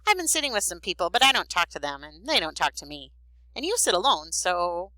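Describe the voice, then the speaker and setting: A woman's voice: fairly low pitch, big pitch swings, fairly quick, no room sound, rough recording. A woman voicing a confident, friendly schoolgirl who talks frankly and teases a little, in a storybook reading. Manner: warm, frank, teasing.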